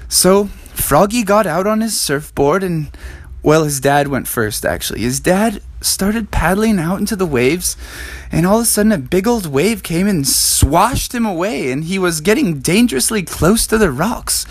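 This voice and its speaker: A man telling an improvised bedtime story in an animated, rambling way. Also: high-pitched, moderate pace, dry recording.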